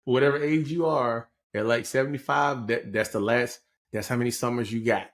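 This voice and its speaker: A man's voice: mid-range voice, normal speed. A man in his forties co-hosting a podcast, telling stories in casual chat and laughing often. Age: 40s. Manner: animated storyteller, laughs often. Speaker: podcast co-host.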